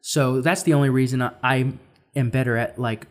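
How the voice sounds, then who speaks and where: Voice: mid-range voice, steady tone, normal speed. A podcast co-host in casual chat, rambling and searching for words as they talk.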